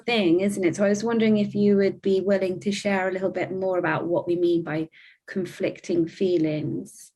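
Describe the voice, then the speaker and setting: A woman's voice: on the low side, level tone, normal speed, warm tone. A woman hosts an interview and shapes her questions thoughtfully. She halts and restarts as she leads into the question.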